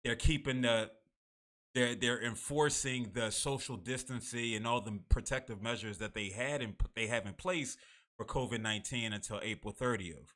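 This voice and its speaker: A man's voice: medium pitch, normal speed, a bit bright. A man from the United States, hosting a live online talk show in a casual, conversational way with frequent laughs and restarts. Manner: conversational, laughs between remarks, many restarts.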